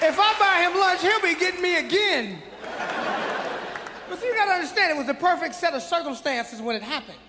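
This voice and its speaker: A man invited on stage, telling his side of a story in a relaxed, slightly stammering way. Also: extremely high pitch, a little fast, big-room sound, crowd noise, noisy background. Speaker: comedy show guest.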